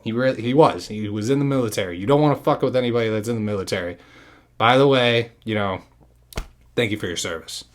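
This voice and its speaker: A young man hosting a podcast, telling stories in a casual, profane, animated way that gets loud when he is excited. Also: fairly low pitch, quick pace. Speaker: podcast host. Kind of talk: casual storytelling chat.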